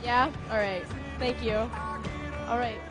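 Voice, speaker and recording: A woman's voice: fairly high pitch, fairly even intonation, takes it slowly. Young woman interviewing kids courtside. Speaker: sideline reporter. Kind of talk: short sideline interviews with kids. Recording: loud crowd and music behind.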